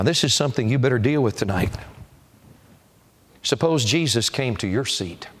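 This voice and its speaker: A man preaching a revival sermon, pleading and repeating his questions, telling stories with dramatic pauses. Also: on the low side. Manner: pleading, repetitive, dramatic storytelling. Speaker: evangelist preacher.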